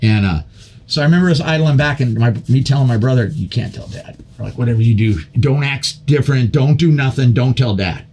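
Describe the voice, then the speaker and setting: An older man, a podcast guest, telling a long story in a casual, animated way, with many repeats and restarts. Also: medium pitch, fairly quick.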